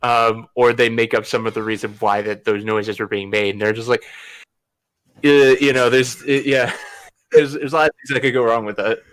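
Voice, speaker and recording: A man's voice: mid-range voice, steady tone, normal speed, fairly bright tone. A young man on a podcast, casually telling a rambling story, laughing often and swearing freely. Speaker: podcast host.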